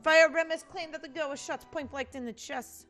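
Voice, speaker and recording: A woman's voice: high voice, steady tone, normal speed, a bit bright, soft background music, pitched above the performer's own voice. Earnest falcon defense lawyer; woman voicing.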